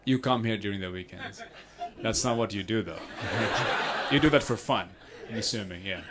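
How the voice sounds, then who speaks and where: A man's voice: fairly low pitch, normal speed, very noisy. A man doing stand-up crowd work, teasing audience members and laughing often. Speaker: stand-up comedian. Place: comedy venue stage. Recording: loud crowd in a live venue.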